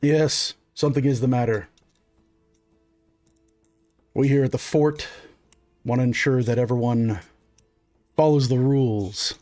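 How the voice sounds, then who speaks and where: A man voicing a pushy, suspicious male fort guard who talks in a gruff, bullying way. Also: mid-range voice, steady tone, a little slow, long pauses, darkish tone, faint music behind, close to an everyday voice.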